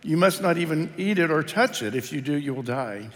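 A pastor reading the stern voice of God. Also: male voice, on the high side, animated, brisk, natural voice. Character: divine male creator voice, stern questioning. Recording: reverberant church hall.

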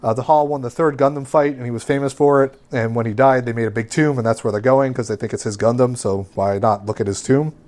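A man's voice: medium pitch, steady tone, fast talker, few pauses, darkish tone. A man with an ordinary mid-range voice talks through an episode recap in a loose, rambling way. He leans on fillers and restarts as he goes. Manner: rambling, filler-heavy summarizing. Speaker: podcast co-host recapping an anime. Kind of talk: casual recap chat.

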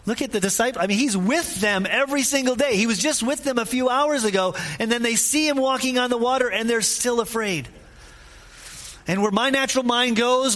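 High-voiced man preaching casually. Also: lively intonation, fairly quick, fairly bright tone. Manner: informal, asks listeners questions directly; repeats phrases for emphasis. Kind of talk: conversational sermon.

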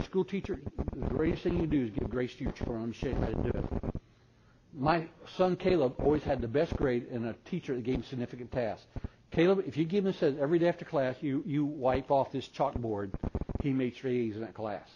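A man's voice: medium pitch, lo-fi sound, noisy background. Folksy older man teaching parents. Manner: folksy storyteller, swings from loud excited bursts to soft intimate asides. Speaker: parenting seminar speaker. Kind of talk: live seminar talk with audience questions.

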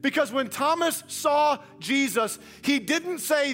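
A man preaching a sermon, telling the story with humor and swinging from hushed to loud. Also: extremely high pitch, lively intonation, unhurried, hardly any pauses, faint music behind. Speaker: pastor.

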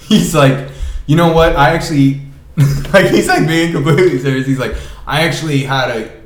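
In an echoey room, a young co-host of a relaxed podcast laughs his way through lively retellings of stories. His voice is a little high and his pace normal.

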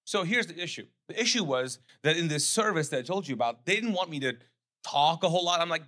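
A middle-aged pastor from Pakistan, preaching a sermon with animated storytelling that settles into quiet, earnest reflection. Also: male voice, fairly high pitch, a little fast.

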